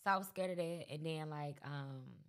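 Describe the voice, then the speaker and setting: A woman's voice: sits low, normal speed. A woman guest on a podcast, talking casually and rambling with lots of fillers. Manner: relaxed, rambling with many fillers. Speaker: guest rapper. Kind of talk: casual interview chat.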